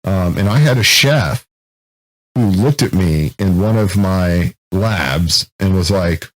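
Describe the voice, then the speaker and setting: A man in his thirties co-hosting a casual podcast chat, telling stories in a profane, animated way. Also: low-pitched, slow, rough recording. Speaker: co-host.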